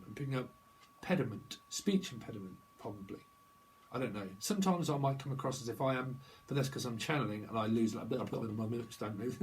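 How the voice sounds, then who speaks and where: A man's voice: medium pitch, poor audio. A man giving a rambling psychic tarot reading, free-associating through wordplay and laughing at his own jokes. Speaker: tarot reader.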